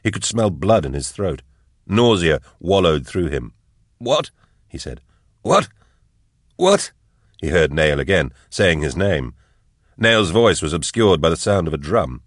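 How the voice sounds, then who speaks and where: A man narrating an audiobook chapter in measured, even storytelling. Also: low voice, no room sound, studio quality. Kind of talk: scripted narration.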